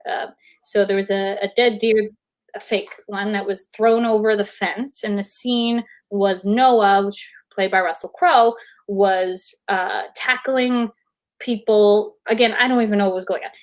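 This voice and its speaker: A woman guest on a video-call interview, telling an animated anecdote and acting out quotes. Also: a little slow. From United States. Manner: animated, acts out quotes in high voices. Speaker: guest actor. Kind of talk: casual storytelling.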